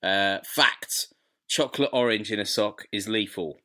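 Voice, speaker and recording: Male co-host, young adult, chatty, tangent-prone, lower register. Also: a little slow, bright, forceful tone. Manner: rambling, goes off on tangents. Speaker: podcast co-host. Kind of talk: casual chat.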